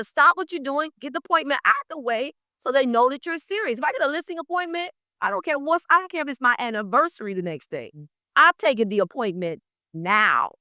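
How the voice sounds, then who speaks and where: Woman in her 40s teaching real estate, high bright voice, pushy upbeat coaching, dry close mic. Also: no room sound. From South Florida. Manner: energetic, talks straight to the class. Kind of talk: live training class.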